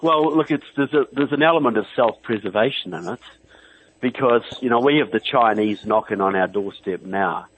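A man's voice: medium pitch, moderate pace, husky. A man from New Zealand with a New Zealand accent, a guest author calling in to a political radio show, talking earnestly and stacking up long lists. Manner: earnest, emphatic, runs through long lists. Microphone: telephone. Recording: phone line.

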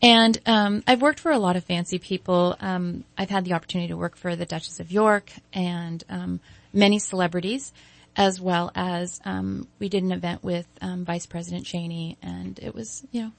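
Woman guest, 40s, low gravelly voice, dry close sound, animated storyteller. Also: moderate pace, no echo. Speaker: guest, event designer. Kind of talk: casual interview chat.

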